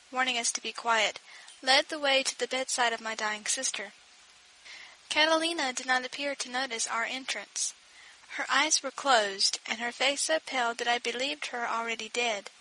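A woman reading a story aloud with a gentle, expressive delivery. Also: sits high, a little hiss or hum, low-quality recording. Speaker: audiobook narrator. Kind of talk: scripted narration.

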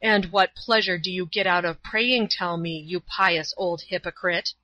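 A woman voicing a drunken, threatening brute of a man who talks loudly and slowly. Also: lowish voice, steady tone, dry recording, dull audio. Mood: gruff. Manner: loud, slow and bullying.

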